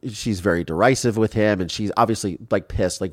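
A man in his forties from Ohio, telling his life story in an interview in an animated way, acting out quotes and restarting often. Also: lowish voice, brisk, no echo, clean studio sound. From Ohio, USA.

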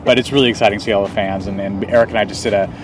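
Fast-talking man, mic set back. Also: lowish voice, steady tone, recorded from a distance. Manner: chatty, laughs easily, many restarts. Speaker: actor guest. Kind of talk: casual interview chat.

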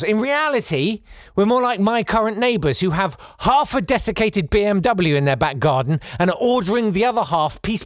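Comic monologist, man, highish voice that bounces around, dry close sound. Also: no room sound. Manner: sarcastic, animated, mocking asides. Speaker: comedian.

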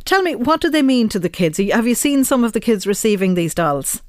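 A male radio host interviewing a guest, with warm, prompting questions. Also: high voice, very animated, fairly quick, dry recording, studio quality.

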